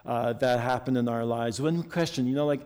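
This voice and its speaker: A man's voice: medium pitch, fairly quick, darkish tone, clean tone. Earnest male preacher in an echoing hall. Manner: earnest, storytelling. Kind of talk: sermon. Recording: long hall reverb.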